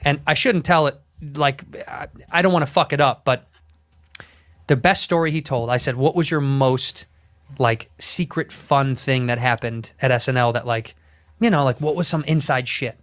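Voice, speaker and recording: A man spins a long anecdote in casual talk, swearing freely and tripping over his own restarts. His voice is smooth and clear at a middle pitch. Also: normal speed, a bit bright. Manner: rambling, profane, self-interrupting. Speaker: podcast storyteller. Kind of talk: casual chat storytelling.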